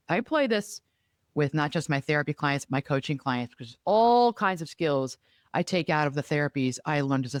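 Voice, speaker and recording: A woman who is a therapist and life coach, hosting a podcast in a casual, emphatic and animated way, talking in quick bursts. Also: deep voice, no room sound, studio quality.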